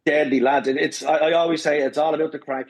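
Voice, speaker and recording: A man with an Irish accent, a podcast guest telling a lively anecdote full of swearing and "right?"s. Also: on the high side, quick pace, low-quality recording. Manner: animated, swears freely, says "right?" often. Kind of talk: casual storytelling.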